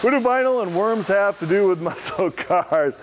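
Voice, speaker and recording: A man's voice: high-pitched, animated, normal speed, noisy background. A man hosting a car show, joking and laughing at his own flubbed lines. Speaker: show host. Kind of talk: casual on-camera hosting with outtakes.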